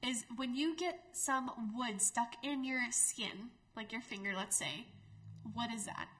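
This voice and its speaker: A woman's voice: on the high side, a little slow, pushed and bright, slight background noise. A young American woman co-hosting a podcast, chatting casually and teasing, often laughing. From United States. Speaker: podcast co-host. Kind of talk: casual chat.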